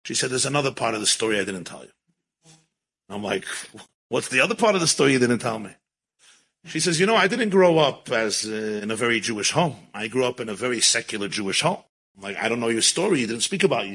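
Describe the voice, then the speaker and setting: Animated man telling a story, bright voice. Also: medium pitch, breathy edge, rough recording. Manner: animated, mixes Yiddish and Hebrew words into English. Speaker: rabbi and storyteller. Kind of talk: storytelling talk.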